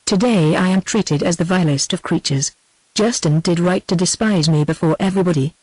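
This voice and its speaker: A synthetic woman's voice with a British accent reading the lines of a distraught young peasant girl in an even, plain manner. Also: fairly low pitch, a little fast, no echo, close to an everyday voice, poor audio.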